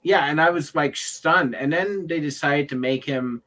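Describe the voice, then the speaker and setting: Male panelist, casual chat, sharp tone, animated. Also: fairly high pitch, moderate pace.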